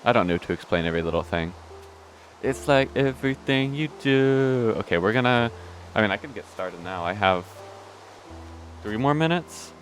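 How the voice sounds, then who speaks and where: Deep-voiced young man rambling over gameplay. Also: lively intonation, normal speed, faint music behind. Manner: meandering, self-interrupting, swears casually. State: hiccuping. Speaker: let's play host.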